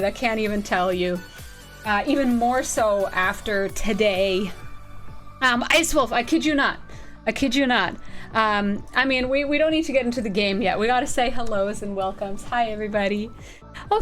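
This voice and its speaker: A woman streamer chatting casually and excitedly, greeting viewers by name. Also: a little high. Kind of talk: casual live-stream chat.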